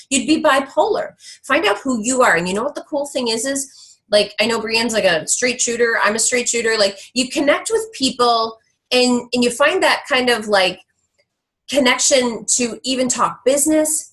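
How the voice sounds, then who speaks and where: Woman hyping up her team, super lively voice, a bit high, blunt and slangy. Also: rough recording. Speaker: guest speaker on a team call. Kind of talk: motivational talk.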